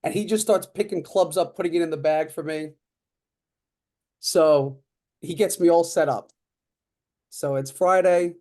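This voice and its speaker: A man's voice: on the high side, measured pace, pauses often. A man in his thirties, a podcast guest telling a personal story in a casual way, acting out other people's quoted lines with lots of fillers. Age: 30s. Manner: animated, acts out quoted dialogue; frequent fillers like "uh" and "like".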